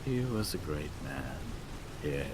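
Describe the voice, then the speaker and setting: A man's voice: very deep voice, big pitch swings, slow, heavy background noise, voice pushed down, heavily acted. A man voicing a grief-stricken old village priest who seems distracted and keeps repeating himself. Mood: mournful.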